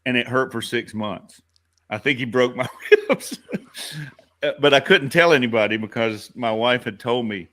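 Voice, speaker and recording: A man's voice: on the low side, normal speed, fairly bright tone. Self-mocking man telling a story. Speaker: podcast guest. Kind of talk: anecdote in a clip.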